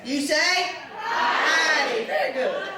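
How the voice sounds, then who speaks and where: A woman's voice: high voice, lively intonation, moderate pace, over a noisy crowd. A middle-aged woman from Texas with a Texas accent, doing a stand-up comedy routine with a ranting, incredulous delivery. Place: large room with a live audience. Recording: echoey room, distant mic, audience noise.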